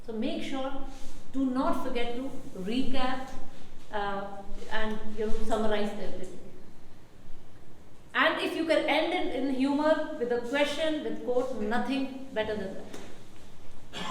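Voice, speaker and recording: A woman's voice: high voice, unhurried, long pauses, a little hiss or hum. A woman from India leading a public speaking workshop, often putting questions to the audience. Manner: questions the audience, lively teaching delivery. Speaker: workshop presenter. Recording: echoey hall with faint ambience.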